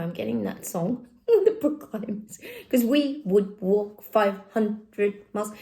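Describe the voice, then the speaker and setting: A middle-aged woman chats through a casual psychic reading and speaks straight to her viewers. Her voice carries a lot of gravelly fry, and she exclaims often. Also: mid-range voice, mellow. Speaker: psychic channel host.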